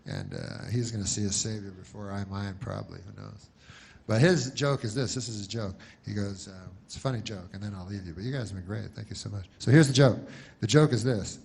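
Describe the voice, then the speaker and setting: A man doing a rambling, deadpan stand-up routine, full of pauses, restarts and asides. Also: lowish voice, creaky, slight background noise. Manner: mocks a pushy announcer in loud bursts. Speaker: comedian.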